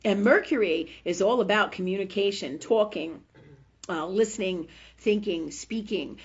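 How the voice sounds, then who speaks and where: A woman's voice: fairly high pitch, dull audio. A woman hosting a live call-in show as a medical intuitive, talking in a chatty, rambling way, often asking "right?" and swearing casually. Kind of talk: live call-in spiritual health reading.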